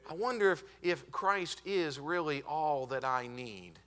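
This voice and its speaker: A man preaching a revival sermon as a visiting preacher, emphatic and stretching out key words, building up to shouted peaks in a church auditorium. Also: on the high side, lively intonation. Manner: emphatic, building to shouted climaxes with drawn-out stresses; often says "hey, listen" to the congregation.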